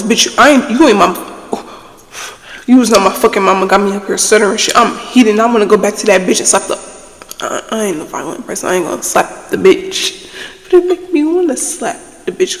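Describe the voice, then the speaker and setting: Woman, casual storytime chat, blunt, cursing, animated, reverberant room. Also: medium pitch, brisk. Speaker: ASMR channel host.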